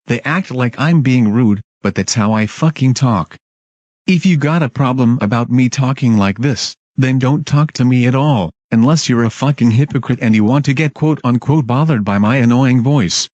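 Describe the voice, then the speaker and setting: A man's voice: mid-range voice, moderate pace, a little mellow, no echo, muffled recording. A man narrating a ranting storytime in a blunt, irritable manner, swearing constantly.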